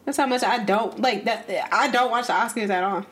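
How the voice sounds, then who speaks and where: A woman with a slightly high voice chats casually as a podcast co-host. She is opinionated and talkative, often trailing off and starting her sentences over. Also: brisk, heavy background noise. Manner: opinionated, chatty, trails off and restarts. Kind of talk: casual chat.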